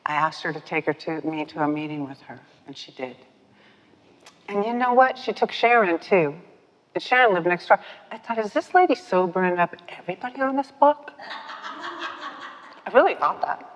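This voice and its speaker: Older woman, lower voice, self-mocking storyteller, muffled hall recording with long reverb. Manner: lively, self-mocking, laughs often. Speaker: speaker at a recovery meeting. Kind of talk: personal storytelling talk. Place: meeting hall with podium. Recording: dull, echoey hall recording.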